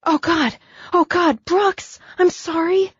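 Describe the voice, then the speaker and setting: A woman reader voicing a frightened, earnest young woman who speaks high and breathless. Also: moderate pace, a little mellow, husky, no room sound, muffled recording. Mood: panicked.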